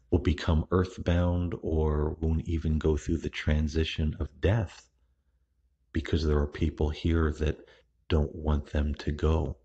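A man hosting a podcast on the supernatural, talking in an unhurried, casual monologue that is full of restarts and fillers. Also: a bass voice, darkish tone, husky. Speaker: podcast host. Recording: dull, lo-fi recording.

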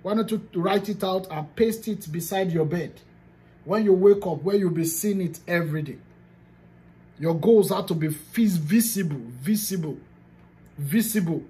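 A woman's voice: fairly low pitch, normal speed, mellow. A Nigerian woman coaching her team in a motivational teaching talk. She speaks with emphasis and hammers key phrases through repetition. Now and then she drops into pidgin. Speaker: business coach.

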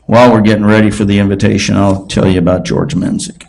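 A man in his sixties preaching a sermon in a slow, emphatic way. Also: lowish voice, flat delivery, vocal fry, darkish tone. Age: 60s.

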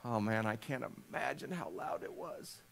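A man preaching a sermon, telling scripture quietly and then rising to loud, fervent appeals, often asking his listeners rhetorical questions. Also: fairly low pitch, normal speed, creaky. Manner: swings from hushed storytelling to shouting fervor; asks the congregation rhetorical questions. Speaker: pastor.

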